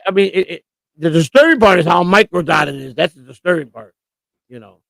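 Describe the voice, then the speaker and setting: A man's voice: on the high side, lively intonation, fairly quick, creaky, a bit bright, no echo. A man co-hosting a casual live stream, talking bluntly and profanely in long rants. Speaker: co-host.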